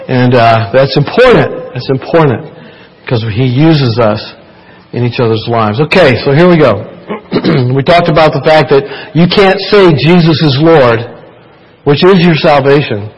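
A man's voice: on the high side, husky. A man preaching a sermon in a church, chatty and playful, joking with the congregation. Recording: church hall reverb.

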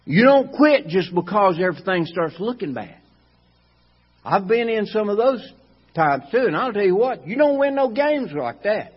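A man preaching a sermon in a folksy, animated way, repeating phrases for emphasis. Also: high voice, normal speed, slightly rough, dull audio.

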